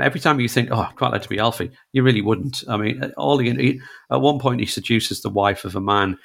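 A man from northeast England, a guest reviewing films in a relaxed, chatty radio talk. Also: on the low side, vocal fry. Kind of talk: casual radio chat.

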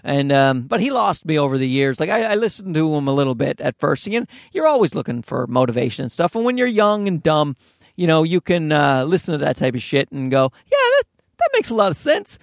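High-voiced, gravelly man rambling on a podcast. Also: animated, fairly quick, dry recording, studio quality. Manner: profane, rambling, sarcastic asides. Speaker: podcast host. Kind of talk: casual solo podcast rambling. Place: outdoors or by a road, talking into a microphone.

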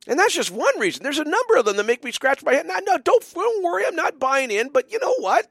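A man's voice: very high-pitched, big pitch swings, quick pace, vocal fry, fairly bright tone, no room sound, studio quality. A middle-aged man hosting a call-in radio show, chatting in a rambling, playful way with lots of fillers and restarts. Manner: playful, mock-drawling asides. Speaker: radio call-in host and biker church pastor. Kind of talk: late-night call-in radio talk.

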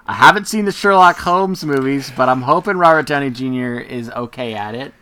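A man's voice: medium pitch, fairly quick, sharp tone, clean tone. A man co-hosting a casual podcast chat, thinking aloud and laughing often. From United States. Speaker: podcast co-host.

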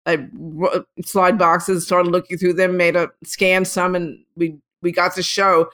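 A woman photographer in an interview, telling long rambling stories with many restarts and lively quotes of other people. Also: on the low side, a little slow. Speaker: photographer guest. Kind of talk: casual storytelling interview.

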